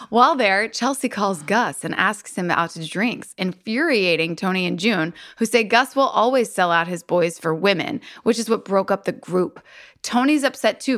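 A podcast co-host with a medium-pitched, slightly bright voice recaps a TV episode. She keeps the chat casual and laughs often.

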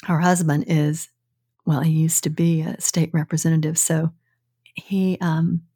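An older woman co-hosting a podcast with her son, speaking in a calm, measured, reassuring way in a casual chat. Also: deep voice, husky, no echo, studio quality. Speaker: podcast co-host, the host's mother.

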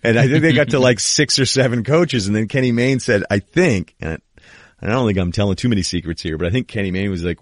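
A man in his thirties hosts a podcast in a casual, rambling storyteller's way. His voice sits very low. The sound is dry and close, with no room around it. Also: fast talker, dry recording. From New England. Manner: rambling, storytelling with many fillers and restarts. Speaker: podcast host.

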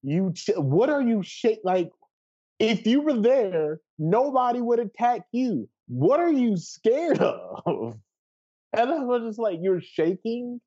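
Man in his thirties, amused storytelling, slow unhurried delivery, dull muffled sound. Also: sits high, big pitch swings, dark tone. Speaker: podcast co-host. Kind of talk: casual storytelling conversation.

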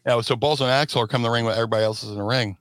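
A middle-aged man tells stories in an animated way, jumping into quick acted-out shouts. His voice sits in a middle pitch, recorded dry and close with no room sound. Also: dry recording. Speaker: guest, former wrestler. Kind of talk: casual storytelling.

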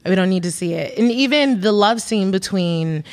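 A woman in her thirties, a film director being interviewed, telling stories in a rambling, animated way with frequent laughter. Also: mid-range voice, moderate pace. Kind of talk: casual interview chat.

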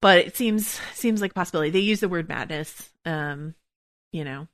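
A woman's voice: fairly low pitch, normal speed, a bit bright, dry recording, studio quality. A woman hosting a podcast in casual chat, thinking aloud with lots of restarts and asides. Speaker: podcast host.

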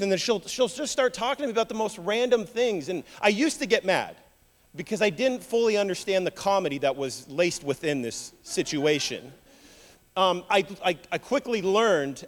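A man preaches in a church. He tells stories in an animated, joking way and stumbles over repeated words. His voice sits a little high, and a long hall reverb trails behind each phrase. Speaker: pastor. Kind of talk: sermon.

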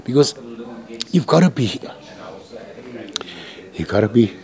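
A man's voice: mid-range voice, lively intonation, slow, darkish tone. A man, a composer, talking candidly and emotionally in a rambling, profane way from a hospital room.

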